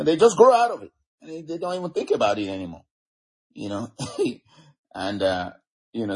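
A man preaching a sermon, teaching slowly and emphatically, stretching key words and chuckling now and then. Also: on the low side, darkish tone, slightly rough. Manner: slow, emphatic teaching with chuckles and varied pace.

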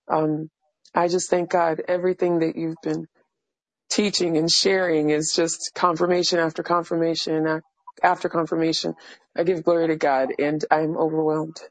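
A woman caller sharing a personal testimony with the pastor, halting and overwhelmed, restarting her sentences. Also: low voice, no echo, rough recording.

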